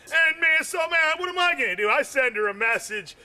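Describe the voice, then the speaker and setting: Bright high-voiced man telling rambling jokes. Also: brisk. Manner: loose and animated, tacks "man" onto nearly every line; bursts into shouts on punchlines. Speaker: amateur comedian. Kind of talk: rambling stand-up joke telling.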